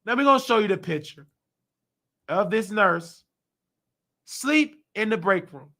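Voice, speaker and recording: A man with a very high, bright, sharp-edged voice, worn hoarse from shouting. He rants in indignant commentary, breaking into shouts. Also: animated, a little slow. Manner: heated, indignant, bursts of shouting. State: hoarse, losing his voice. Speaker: nursing aide and show host. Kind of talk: ranting commentary.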